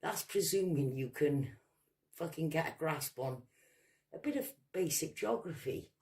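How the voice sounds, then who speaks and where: A woman's voice: low-pitched, lively intonation, unhurried, warm tone. A woman from Wales with a Welsh accent, ranting combatively and swearing freely in a vlog. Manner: combative, profane, mocking. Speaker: vlogger. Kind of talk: angry vlog rant.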